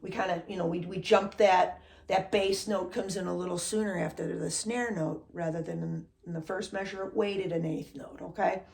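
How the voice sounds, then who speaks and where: A woman's voice: lowish voice, fairly even intonation, normal speed, creaky, a little mellow, slight background noise. A middle-aged woman teaching a drum lesson in a casual way, checking in with a constant "okay?" and counting beats aloud. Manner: says "okay?" after most phrases, counts beats aloud.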